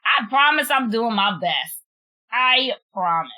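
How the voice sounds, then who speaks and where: A woman's voice: fairly high pitch, lively intonation, unhurried, sharp tone. A woman streamer, chatting casually and laughing at herself while trying out French words. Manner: giggly, self-deprecating, drawls out French words. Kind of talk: casual chat while unboxing.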